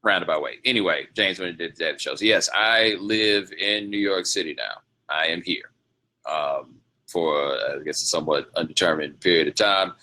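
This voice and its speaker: Male host, very low but bright, forward voice; loose, digressive storyteller. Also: moderate pace. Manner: rambling, loose, laughing, slangy. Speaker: podcast host. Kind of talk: casual storytelling monologue.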